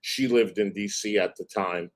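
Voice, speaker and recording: A man hosting a livestream, telling a story in a casual, animated and profane way and mimicking other people's voices. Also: on the low side, normal speed. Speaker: livestream host.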